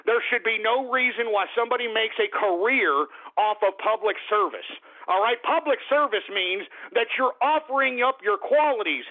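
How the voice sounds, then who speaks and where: Man, radio host, angry political rant, very high voice, tinny phone-like sound. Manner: angry, shouting rant, swearing. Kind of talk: ranting political talk radio.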